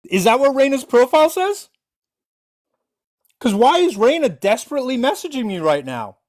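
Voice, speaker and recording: A livestreamer giving callout commentary in an animated, mocking way. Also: high voice, moderate pace.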